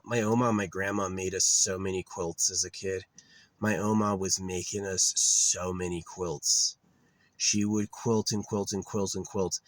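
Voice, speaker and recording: Low-voiced rambling male vlogger. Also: a bit bright, dry recording. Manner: rambling, digressive, ranting, many fillers. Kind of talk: rambling casual monologue.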